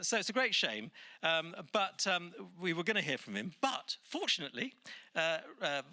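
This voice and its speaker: Bright, lively male event host. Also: a little high. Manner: earnest, halting, many restarts. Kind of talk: opening remarks at event.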